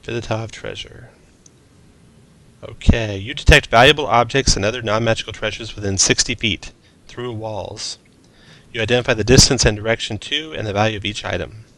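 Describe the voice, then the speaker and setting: A man's voice: lowish voice, brisk, sharp tone. A man narrating as game master of a tabletop role-playing game, mixing descriptive narration with casual asides.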